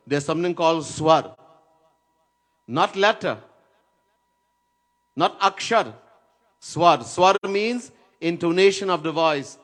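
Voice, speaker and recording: A man gives a devotional lecture in a fairly high voice, taking his time over every phrase. He tells stories, chants verses now and then, and drives points home by repeating key words. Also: a bit bright. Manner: storytelling, chants Sanskrit verses, stresses words by repetition. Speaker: swami giving a spiritual lecture. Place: Trinidad.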